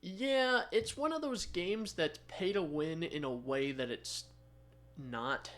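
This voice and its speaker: A man's voice: fairly high pitch, takes it slowly, fairly bright tone. A young man co-hosting a casual podcast, talking in a thoughtful, easygoing way and laughing easily. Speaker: podcast co-host. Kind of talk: casual chat.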